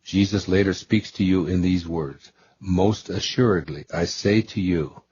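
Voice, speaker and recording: Low-voiced man reading a spiritual book. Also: unhurried, a little mellow, dull audio, slight background noise. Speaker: audiobook reader.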